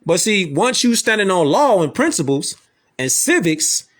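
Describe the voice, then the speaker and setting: A man's voice: high-pitched, very animated, normal speed, fairly bright tone. A man giving mocking, slangy reaction commentary as an online commentator, taunting and repeating himself.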